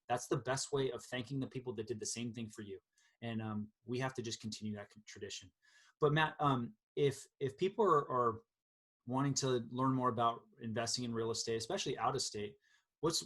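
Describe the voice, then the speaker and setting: Husky-voiced male podcast host. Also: medium pitch, a bit bright. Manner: friendly, agreeable interviewer. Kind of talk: casual interview talk.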